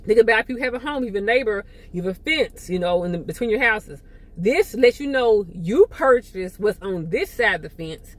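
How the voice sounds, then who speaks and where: A woman's voice: mid-range voice, lively intonation, a little fast. A woman podcast host teaching a monologue in a casual, repetitive way, often acting out short quoted asides.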